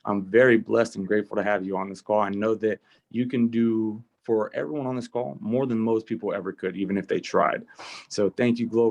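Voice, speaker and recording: Young guy on a video call, low voice, lots of ums, warmly thanking his mentor. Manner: warm and grateful, with frequent fillers. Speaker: team member introducing the guest. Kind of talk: casual introduction on a team call.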